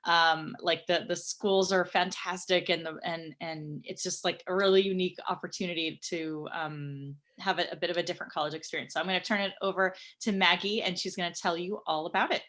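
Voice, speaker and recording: A woman school counselor opens an online session over a video call. Her voice sits slightly low, and her welcome is warm and full of fillers. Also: steady tone, a little fast, few pauses. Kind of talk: session introduction.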